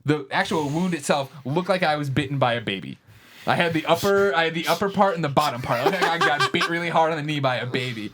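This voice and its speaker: A man's voice: on the high side, expressive, fast talker, a bit bright. A man in his thirties co-hosting a casual chat show, telling a story and acting out quotes in shifted voices. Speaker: podcast co-host.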